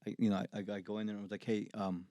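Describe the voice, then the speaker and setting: A man's voice: fairly low pitch, very fast, no room sound, clean studio sound. A man, a recording engineer, telling casual profane stories as a podcast guest. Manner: profane, animated anecdotes with laughs. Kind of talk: casual storytelling.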